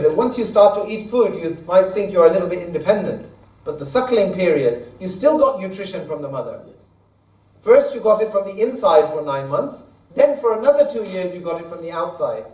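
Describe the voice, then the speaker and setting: A man's voice: sits high, darkish tone. A man giving a Friday sermon as imam, quoting Arabic verses and explaining them in plain terms. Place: mosque hall. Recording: echoey hall, mic at a distance.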